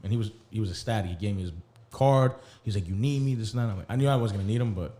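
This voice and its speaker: A man's voice: fairly low pitch, racing, mellow. A man co-hosting a podcast, telling a long story in casual, profane talk and acting out what people said. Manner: rambling, profane, acts out quotes. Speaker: podcast co-host.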